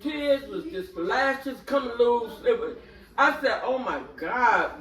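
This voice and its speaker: A woman's voice: a little high, animated, slow, fairly bright tone. An older woman in a candid group discussion who tells stories expressively and laughs often. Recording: roomy, distant mic.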